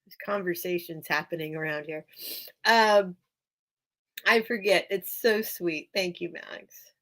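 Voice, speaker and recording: Woman, live-stream sale host, chatty, distracted, laughs a lot, slow-paced, small room at home. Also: fairly low pitch, a bit bright. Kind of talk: casual live-stream selling chat. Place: small room at home with a towel under the door.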